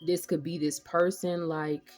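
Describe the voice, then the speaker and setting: A woman's voice: sits low, flat delivery, a little slow, a little mellow, faint music behind. A woman giving a casual tarot reading, rambling and profane with streetwise slang. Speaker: tarot reader.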